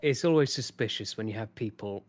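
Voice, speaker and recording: A man's voice: on the low side, fairly quick, crowd noise. A man in casual podcast chat, easygoing and a little hesitant, with dry jokes. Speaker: podcast co-host.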